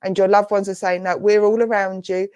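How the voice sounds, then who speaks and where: English lady medium doing a reading, soft and reassuring, calls you darling, dry close sound. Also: mid-range voice, level tone, fairly quick, clean tone, dry recording, muffled recording. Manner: soft, reassuring, affectionate, addresses listener as darling and lovely. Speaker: spiritualist medium. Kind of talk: clairvoyant reading in an online church service. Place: church service streamed online.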